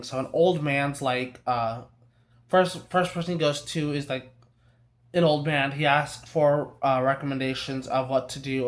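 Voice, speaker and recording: Young reviewer venting about a film: mid-range voice, loose and profane, keeps restarting sentences. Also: mid-range voice. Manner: profane, exasperated, rambling with restarts. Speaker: movie reviewer. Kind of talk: casual ranting film review.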